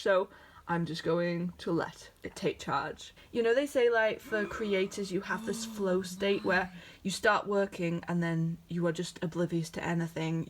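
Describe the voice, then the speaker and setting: A young woman, an artist, showing her sketchbook in a casual, chatty vlog. She is excitable and scattered and keeps breaking off mid-sentence. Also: lowish voice. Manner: excitable, scattered, self-interrupting.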